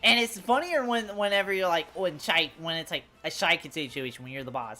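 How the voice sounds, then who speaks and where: A woman's voice: fairly low pitch, a little fast, hardly any pauses, sharp tone. A young woman streaming a game live, chatting loosely with viewers, cursing often and calling everyone bro. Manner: loose, profane and jokey, addressing chat as bro. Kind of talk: casual live-stream chat.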